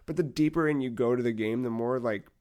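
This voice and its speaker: A man co-hosting a podcast, telling a long story in casual chat, rambling with lots of fillers and animated retellings. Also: mid-range voice, fast talker. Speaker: podcast co-host.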